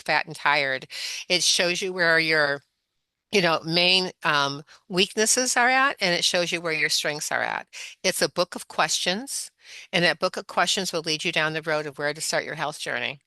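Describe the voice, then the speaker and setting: A woman's voice: deep voice, normal speed, clear, resonant tone, dry recording. A woman guest in an interview, telling long rambling stories full of "you know" asides. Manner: rambling, animated storytelling with many "you know"s. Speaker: guest, functional medicine practitioner. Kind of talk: storytelling interview.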